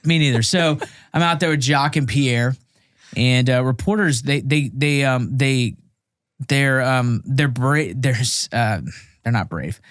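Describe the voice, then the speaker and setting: A thirty-something ex-Marine guesting on a podcast recounts a war story casually, full of jokes, self-deprecation and acted-out dialogue. His medium-pitched voice is unhurried, and the clean studio recording carries no room sound.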